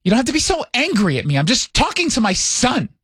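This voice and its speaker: A man's voice: very high voice, wildly swooping pitch, fast, a bit bright, husky, dry recording, clean studio sound, pitched above the performer's own voice, exaggerated voice. A man imitating his older mother from New York, with her accent, asking fussy, repeated questions and acting hurt. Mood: wounded. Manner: repetitive, wounded, prying questions.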